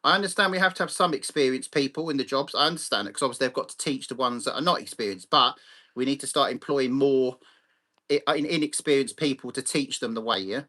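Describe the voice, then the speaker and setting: Live-stream host, man, bright and forceful, blunt and sweary. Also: medium pitch, quick pace. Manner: blunt, sweary, ranting, greets chat viewers by name. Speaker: livestream host.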